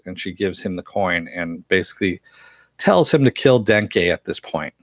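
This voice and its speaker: A man with a fairly low voice, talking through a TV episode in a loose, chatty recap. He chuckles often and leans on fillers as he retells the scenes. The sound is dry and close, with no room around it. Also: lively intonation, moderate pace, no echo. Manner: chatty, laughs often, frequent uh fillers while recounting scenes. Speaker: TV episode reviewer. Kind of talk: casual spoken recap and review.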